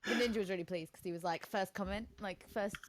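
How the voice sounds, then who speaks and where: A British woman co-hosting a casual podcast chat, talking fast and laughing often as she retells a story. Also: mid-range voice, background noise. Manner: chatty, laughs often, quotes people in animated voices. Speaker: podcast co-host.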